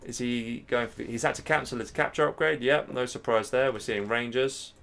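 A man in his thirties from England, hosting a live game stream and commentating matches in a chatty way, talking straight to his viewers and getting excited at big plays. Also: mid-range voice, fairly quick, gravelly. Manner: chatty, addresses the chat directly, gets excited at plays. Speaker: stream host and caster.

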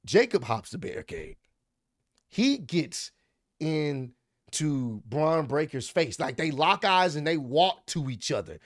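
A young man casually recapping a wrestling match, animated and excitable, with slang and swearing. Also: a little high, slow pace, no room sound, clean studio sound.

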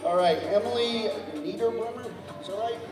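High-voiced man emceeing in an echoey hall. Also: moderate pace. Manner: jokey, stumbles over contestants' names and asks the crowd for help. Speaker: cosplay contest emcee. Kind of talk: live event emceeing. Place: large convention hall. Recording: echoey hall, mic from far off, music and crowd behind. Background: music and a cheering crowd.

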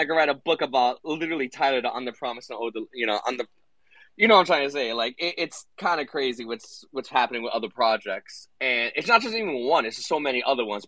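A male host with a bright, forceful voice runs a casual online call. He stumbles and restarts mid-sentence in a relaxed, slangy way. The sound is dry and close. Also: mid-range voice, no echo, poor audio.

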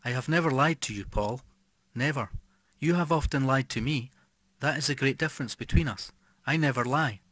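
A calm, chilling wife speaks in a prim, unhurried, slightly raised voice, as a male reader puts her on for an audiobook. Her words come quiet and even, close and dry with no room sound. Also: medium pitch, no room sound, close to an everyday voice. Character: calm, cold middle-aged wife who poisons.

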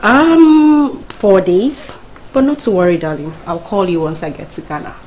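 An actress with a Nigerian accent playing an affectionate wife saying goodbye before a trip. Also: female voice, mid-range voice, a little slow, darkish tone, slight background noise, natural voice. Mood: tender.

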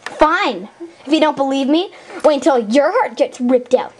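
A woman's voice: high-pitched, lively intonation, normal speed, a little hiss or hum. A woman doing improvised toy role-play, voicing several dolls in a playful manner with sudden squeals.

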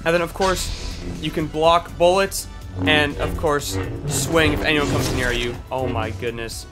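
A man's voice: fairly high pitch, fairly even intonation, music in the background. A young man giving hyped, exclamatory commentary over his own gameplay as a gaming video host. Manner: hyped, exclamatory, quick asides. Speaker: gaming YouTuber.

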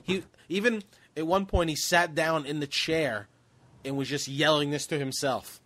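Animated man telling stories on a podcast. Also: a little high, normal speed. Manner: animated storytelling, acts out quotes. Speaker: podcast co-host. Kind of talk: casual comedic chat.

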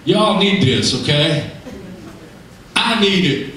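A preacher delivering an animated, emphatic sermon. His high voice swings from shouts down to low asides and booms around a very reverberant hall. He sounds somewhat distant from the mic, with faint noise beneath. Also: unhurried, pauses often. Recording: echoey hall, heard from far off.

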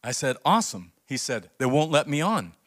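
A man pastor preaching a sermon, telling a story with acted-out quotes and building to emphatic, near-shouted points. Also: on the high side, a little fast. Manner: animated storytelling, acts out quoted voices.

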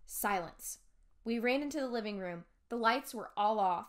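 A woman teacher reads a spooky chapter book aloud to her class in a fairly high voice. She pauses now and then to explain words in plain, simple terms. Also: lively intonation.

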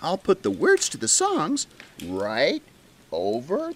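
Bubbly female Christmas tree mascot, voiced by a woman, slow and hugely swooping, coaxing the audience to join in. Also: low-pitched, wildly swooping pitch, heavily acted. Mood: playful. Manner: bubbly, giggly, sing-song, coaxing an audience. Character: cheerful female talking Christmas tree, jolly host. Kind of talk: children's show character voice. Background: jingle bell music.

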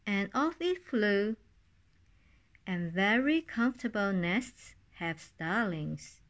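A woman reads a children's story aloud, very slowly and calmly. Her pitch sits in an ordinary middle range, and she takes her time over each phrase in a gentle storybook manner. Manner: calm, unhurried storybook reading.

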